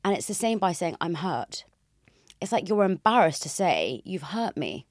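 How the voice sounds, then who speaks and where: A young British woman hosting a podcast, making her points in an emphatic, animated way. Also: fairly low pitch, normal speed, dry recording, studio quality. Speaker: podcast host. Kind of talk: casual conversation.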